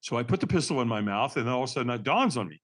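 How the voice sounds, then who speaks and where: Animated older man telling his story. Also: medium pitch, very fast. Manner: animated, acts out remembered dialogue; raw, candid and earnest. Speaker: podcast guest. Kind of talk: personal storytelling in a conversation.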